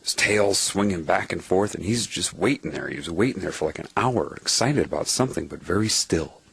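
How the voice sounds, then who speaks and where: Deep, husky man talking with lively pitch. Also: brisk. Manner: animated storytelling with repeated phrases. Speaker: spiritual speaker. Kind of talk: lecture-style monologue.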